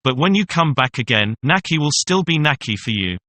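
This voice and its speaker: A man reading the lines of a scornful, teasing young woman in a classic story audiobook, with a bright tone. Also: on the high side, very animated, brisk, a little hiss or hum. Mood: mocking. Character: young woman, mocking kept mistress.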